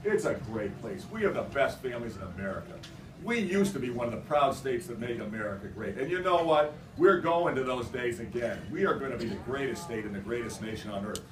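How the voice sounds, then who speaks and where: A man, a governor, giving a rousing political stump speech in a restaurant function room, emphatic and repetitive, building to loud rallying cries. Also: medium pitch, noisy background. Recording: echoey room, mic at a distance.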